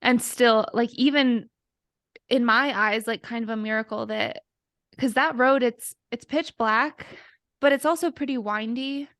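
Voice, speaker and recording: A woman's voice: fairly high pitch, unhurried, a bit bright, dry recording, studio quality. A woman co-hosting a podcast, talking casually and sympathetically, rambling with many filler words.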